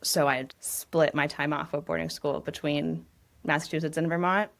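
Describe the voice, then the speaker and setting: A New England real estate agent in her thirties chats in a casual interview, rambling a bit and laughing often. Her voice is low-pitched with fairly even intonation at a normal speed.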